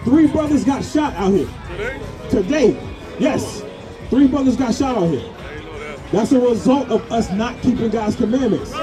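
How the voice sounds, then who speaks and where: A man with a very high voice preaches on a crowded parade route, firing question after question at passers-by. Loud music and a chattering crowd fill the background of this outdoor recording. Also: animated, a little slow, long pauses. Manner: pressing, repeatedly asks questions, sometimes shouts. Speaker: street preacher. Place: outdoors at a busy street parade.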